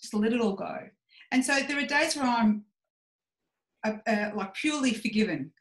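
A woman's voice: on the high side, animated, moderate pace. Frank woman in her forties, roomy sound. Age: 40s. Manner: frank and self-reflective, acting out her own inner voice. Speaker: podcast guest. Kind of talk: candid personal conversation.

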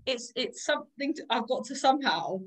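A woman's voice: high voice, expressive, a little fast, low-quality recording. A young woman co-hosting a rugby podcast in casual, self-deprecating chat. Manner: chatty, self-deprecating, acts out quotes. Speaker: podcast co-host and rugby prop.

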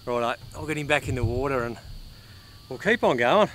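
An Australian man vlogging his fishing outdoors, excitedly talking to the fish and the viewers as he fights and lands it. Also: medium pitch, fairly quick, a little hiss or hum. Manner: excitable, chatty, swears and laughs while fighting fish. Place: outdoors on the water.

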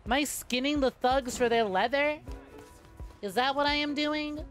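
A young adult woman streaming a game, giving crude, playful, excitable commentary. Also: high-pitched, normal speed, over music. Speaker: VTuber streamer. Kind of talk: casual gameplay commentary.

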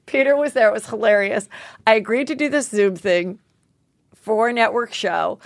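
A woman's voice: a little high, normal speed, creaky, no echo, clean studio sound. A woman in her forties hosting a podcast, telling rambling stories with frequent laughs and casual swearing. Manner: rambling storyteller, swears freely, laughs often. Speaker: podcast host. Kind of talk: casual chat.

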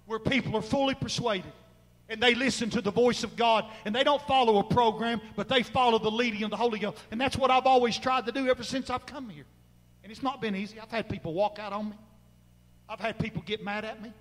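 A male pastor preaching a fervent sermon, moving between shouted exhortation and quiet, low asides. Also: steady tone, a little fast, long reverb tail, rough recording. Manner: fervent, swings from loud crying out to low murmurs. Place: church sanctuary.

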